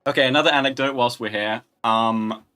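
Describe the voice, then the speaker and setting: A man's voice: medium pitch, steady tone, fairly quick, bright, forceful tone, smooth, soft background music. A young man hosting a casual livestream, chatting, joking and answering viewer questions. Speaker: livestream host.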